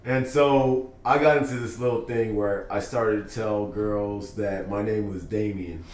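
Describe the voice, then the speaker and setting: A man's voice: on the low side, fairly even intonation, unhurried, darkish tone. A man co-hosting a podcast, telling a crude story and acting out both sides of it. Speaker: podcast co-host. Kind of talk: casual storytelling chat. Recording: roomy, distant mic with faint noise.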